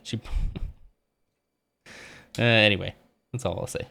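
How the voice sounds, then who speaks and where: A man's voice: lowish voice, fairly even intonation, slow pace, gravelly, pushed and bright. A man livestreaming as he builds a Lego set, chatting casually and laughing often at himself.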